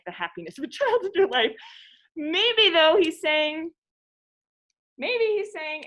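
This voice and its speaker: A woman's voice: medium pitch, a bit bright, poor audio. A woman hosting a casual literature discussion, chatty, retelling scenes in everyday speech.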